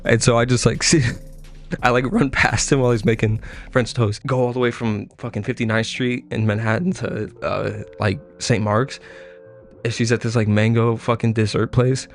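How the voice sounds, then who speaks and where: A young man in his twenties telling a rambling, profane story in a casual monologue and jumping into squeaky voices when he quotes people. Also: steady tone, normal speed, faint music behind. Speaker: podcast host.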